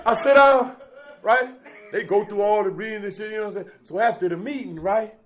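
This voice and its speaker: A man's voice: high voice, brisk, fairly bright tone. A middle-aged man giving a raw, profane recovery testimony as guest speaker, telling his story and calling out to the crowd.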